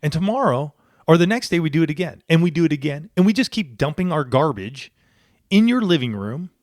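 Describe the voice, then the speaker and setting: A man's voice: a little high, expressive, fairly quick, no echo, studio quality. A middle-aged man co-hosting a talk podcast, speaking earnestly and emphatically, often repeating words. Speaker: podcast co-host. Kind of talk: casual chat.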